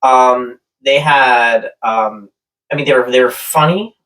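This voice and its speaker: Bright-voiced rambling storytelling man. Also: mid-range voice, slow pace. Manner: rambling storyteller, laughs often. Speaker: podcast co-host. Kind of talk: casual chat. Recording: voice a bit far from the mic.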